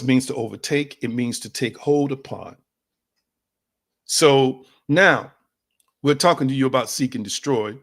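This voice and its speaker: A man's voice: mid-range voice, vocal fry. A man preaching a sermon in a conversational, emphatic way, repeating phrases and calling on his listeners directly. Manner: conversational, addresses audience as y'all.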